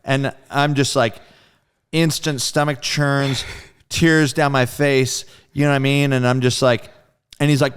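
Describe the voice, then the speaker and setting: Man, smooth resonant voice, mid pitch, casual storytelling guest, acts out quoted friends, laid-back and profane. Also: level tone, measured pace. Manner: loose and profane, full of "like". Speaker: guest drummer.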